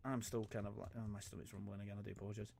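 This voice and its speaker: A man's voice: fairly low pitch, level tone, very fast, gravelly, noisy background. A young man, rambling and joking, stammering often and swearing casually as he chats on a gaming livestream. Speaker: streamer.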